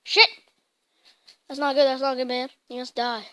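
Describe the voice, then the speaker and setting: A woman giving casual gameplay commentary in an excitable way, blurting out mild swears as she plays. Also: sits high, normal speed, long pauses, noisy background. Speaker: gaming channel host. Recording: loud game music over the voice.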